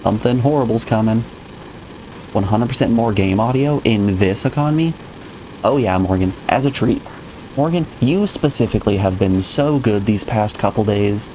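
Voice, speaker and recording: A man's voice: on the low side, normal speed, warm tone, slight background noise. A man streaming a game live, chatting casually and rambling to his viewers. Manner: rambling, chatty, addresses chat. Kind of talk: casual live gameplay chat.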